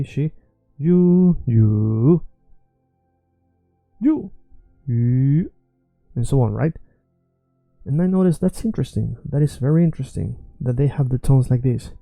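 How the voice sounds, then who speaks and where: A man's voice: mid-range voice, gravelly, no echo. A man who is not a native English speaker, confidently explaining a language lesson online. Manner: confident, self-assured, animated explanations. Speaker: language teacher.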